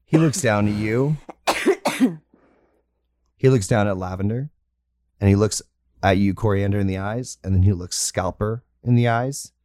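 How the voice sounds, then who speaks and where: A man running a tabletop role-playing game as game master, narrating in a relaxed, laughing way with lots of fillers. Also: fairly low pitch, unhurried, long pauses, no echo, studio quality.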